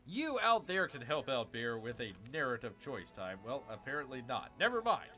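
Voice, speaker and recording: Male game streamer, lively swooping delivery, bright voice, faint music underneath. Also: medium pitch, normal speed. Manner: excitable, exclaims and addresses viewers as "people". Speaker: gaming streamer. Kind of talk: live game commentary, reading chat.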